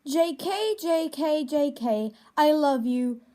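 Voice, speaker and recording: A woman reading a comedy roast aloud in a stilted, over-enunciated way, with slow, awkward pauses. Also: high voice, expressive, dark tone. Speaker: younger self in an old video clip.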